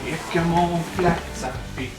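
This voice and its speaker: A man giving a casual, wry movie review, relaxed and hesitant with frequent fillers. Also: a little high, a little slow, loud music behind the voice.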